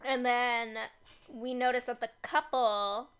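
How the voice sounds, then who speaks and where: A woman's voice: fairly high pitch, steady tone, slow, a bit bright, clear, resonant tone. A young woman co-hosting a casual podcast in a basement home studio, playful and teasing. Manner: playful, teasing, laughs often. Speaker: podcast co-host. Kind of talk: casual chat.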